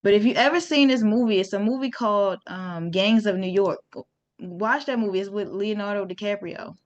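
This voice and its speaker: A woman's voice: mid-range voice, normal speed, lo-fi sound. A woman hosting a casual history talk for her viewers, informal and chatty, with slang and restarts. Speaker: host.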